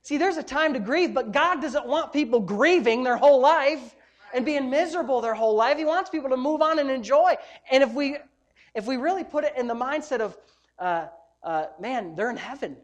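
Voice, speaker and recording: A woman's voice: sits high, animated, normal speed. A woman pastor delivering a sermon, preaching emphatically and throwing rhetorical questions at the congregation.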